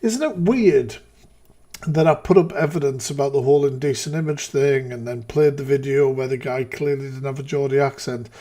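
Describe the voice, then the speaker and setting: A man's voice: medium pitch, normal speed, dark tone. Exasperated, swearing streamer man. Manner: exasperated, profane ranting. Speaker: live-stream reaction host. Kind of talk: casual live-stream commentary.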